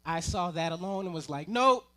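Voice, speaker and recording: A man preaching to a congregation in a high, bright voice. He spins humorous family stories and turns often to his listeners with playful asides. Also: expressive, moderate pace. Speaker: ministerial intern preaching. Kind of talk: sermon with personal storytelling. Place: church service before a congregation.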